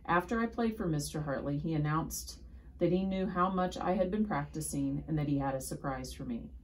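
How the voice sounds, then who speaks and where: Woman reading a storybook, low voice. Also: a little fast, low-quality recording. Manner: steady first-person narration. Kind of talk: storybook read-aloud.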